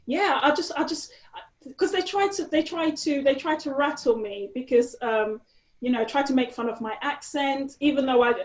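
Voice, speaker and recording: A woman guest telling her story in a conversational interview, animated and peppered with "you know". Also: sits high, normal speed. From Nigeria. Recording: echoey room.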